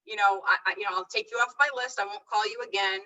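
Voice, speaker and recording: A woman leading a live real estate training session, chatty and animated, often stopping herself mid-thought. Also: medium pitch, fast talker, far from the mic, highs cut off. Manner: chatty, animated, self-interrupting.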